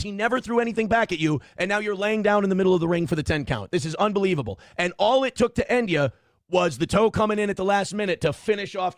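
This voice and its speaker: A man's voice: high voice, no room sound. A man co-hosting a live stream, teasing and mocking in a dry way.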